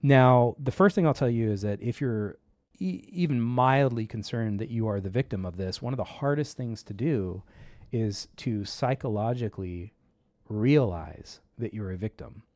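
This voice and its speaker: A man's voice: mid-range voice, normal speed, no room sound, studio quality. A man hosting a casual tech talk show, telling stories and acting out the voices in them. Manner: animated storyteller, acts out quoted voices.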